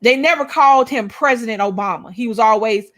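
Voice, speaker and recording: A woman's voice: a little high, fairly quick, fairly bright tone. A woman co-hosting a casual chat show, blunt and outspoken, swearing freely and repeating her points for emphasis. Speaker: co-host of a couples' YouTube channel.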